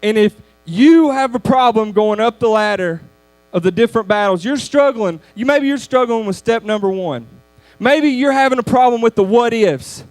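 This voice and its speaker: A man delivers a youth sermon in a high-pitched voice, casual and animated as he tells his stories. The sound is dry and close, with no room echo. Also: normal speed. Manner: conversational, animated storytelling with laughs. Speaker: youth speaker.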